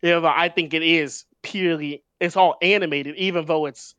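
Higher-voiced man explaining at length. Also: fairly even intonation, normal speed, pushed and bright, clean tone, no room sound. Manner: thoughtful, restarts often while explaining. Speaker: podcast co-host. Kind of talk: casual film discussion.

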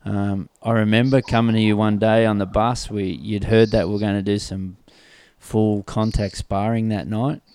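Guy, middle aged, low mellow voice, excitable storyteller, dry close sound. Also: moderate pace, smooth, no echo. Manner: animated storyteller, laughs often, speaks in bursts. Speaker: host and former team staff member. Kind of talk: conversational podcast interview.

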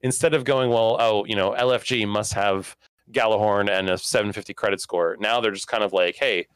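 A young man with a fairly low voice talks games in a casual, excitable way, often restarting his sentences. His voice is recorded dry and close, with no room sound. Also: fairly quick, clear, resonant tone, no echo. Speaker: podcast co-host. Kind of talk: casual gaming chat.

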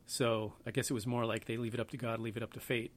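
A male podcast host chatting casually at a middling pitch. He rambles, hedges and tosses in self-deprecating asides. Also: little pitch movement, quick pace. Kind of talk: casual history podcast talk.

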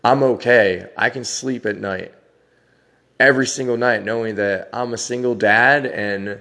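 A man's voice: medium pitch, steady tone, unhurried, bright, forceful tone, in a large hall. A man hosting a podcast, talking in a frank, profane, rambling personal monologue. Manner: frank and profane, with frequent laughs. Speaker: podcast host.

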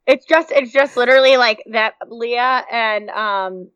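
Woman, podcast co-host, casual chat, higher pitch, dull dry sound. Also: fairly bright tone, smooth, no room sound. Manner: chatty, quick reactions.

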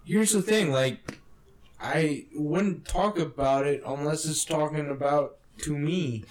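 A man's voice: a little high, slow, rough recording. A man co-hosting a casual podcast, blunt and teasing with crude asides. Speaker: podcast co-host. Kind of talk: casual chat.

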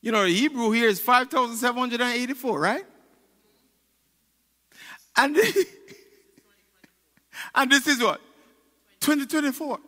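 High-voiced fervent preacher man. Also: lively intonation, takes it slowly, pauses often, big-room sound. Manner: fervent preaching with shouted peaks and call-and-response. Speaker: pastor. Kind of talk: sermon. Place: church sanctuary.

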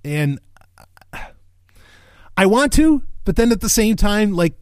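A man hosting a casual review monologue, excitable and rambling, swearing freely, with many restarts and bursts of laughter. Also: sits high, takes it slowly, clean tone, no room sound, clean studio sound.

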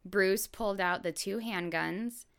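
A woman hosting a podcast, telling a true crime story in a relaxed, casual way with lots of fillers and asides. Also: medium pitch, unhurried, vocal fry, clean tone.

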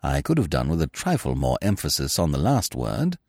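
A man reading aloud plays a suave, pompous young gentleman who talks in languid, elaborate, mock-solemn phrases. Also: mid-range voice, big pitch swings, moderate pace, no echo, clean studio sound.

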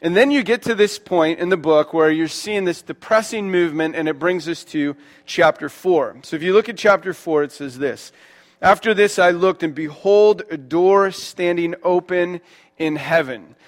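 Man, thirties, pastor, sermon, casual preaching, slightly high voice. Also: normal speed. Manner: conversational, animated preaching with fillers like "like" and "right?"; reads scripture aloud in a lower, quieter voice.

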